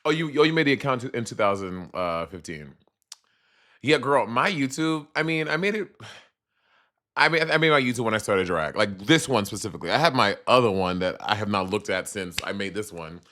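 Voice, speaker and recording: A man's voice: on the low side, fairly quick. A man with a Caribbean accent chatting sassily to viewers on a casual live stream. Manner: sassy, animated, chatty with viewers.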